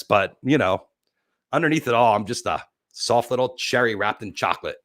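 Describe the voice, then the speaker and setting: A man's voice: mid-range voice, sharp tone, no echo. A middle-aged man hosting his own livestream show, talking in a rambling, heartfelt and openly emotional way. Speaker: host.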